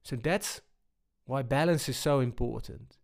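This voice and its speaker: A man speaks to an audience at a slow, deliberate pace, his voice sitting at a middle pitch. He pauses often, restarts his sentences and speaks in a plain personal tone. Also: vocal fry. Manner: unhurried, many pauses and restarts. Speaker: speaker on balance.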